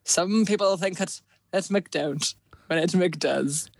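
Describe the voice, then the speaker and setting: A woman attempting an impression of a solemn older male narrator, drawling slowly. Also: fairly low pitch, creaky, no echo, exaggerated voice. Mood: mock-solemn.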